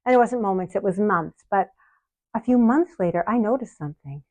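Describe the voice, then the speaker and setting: A woman in her sixties, the channel host, telling her personal story to camera in a slow, earnest way with soft laughs. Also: medium pitch, animated. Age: 60s.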